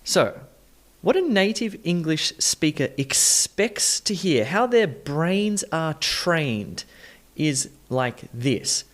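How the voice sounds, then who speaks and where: A man's voice: a little high, big pitch swings, slow pace. A man teaching English pronunciation in an online lesson, talking emphatically and with enthusiasm, stressing words to demonstrate them.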